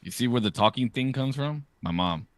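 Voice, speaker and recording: A man in his thirties hosting a podcast, telling stories in a casual, profane, animated way. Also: mid-range voice, moderate pace, dry recording. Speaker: podcast host. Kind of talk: casual chat.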